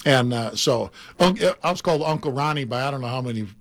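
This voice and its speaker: An older man, a former baseball player, telling animated anecdotes in casual chat and laughing often. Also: medium pitch, quick pace.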